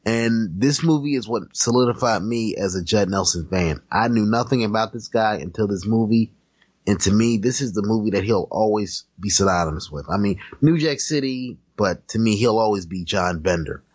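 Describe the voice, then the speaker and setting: Low husky man in casual movie chat. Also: normal speed, a little mellow, muffled recording. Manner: loose, profane, rambling with fillers. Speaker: podcast co-host.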